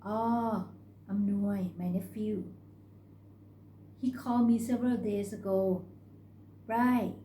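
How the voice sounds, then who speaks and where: A woman's voice: mid-range voice, steady tone, slow, pauses often, mellow, a little hiss or hum, close to an everyday voice. A woman voicing a stout middle-aged woman who runs a restaurant kitchen, blunt and motherly. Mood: brisk. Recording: roomy recording.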